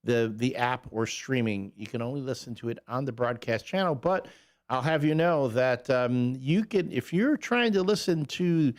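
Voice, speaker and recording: A man's voice: mid-range voice, normal speed. Chatty male radio morning host. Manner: chatty, loose delivery with fillers and restarts. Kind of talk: casual morning radio chat. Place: radio studio. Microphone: studio microphone.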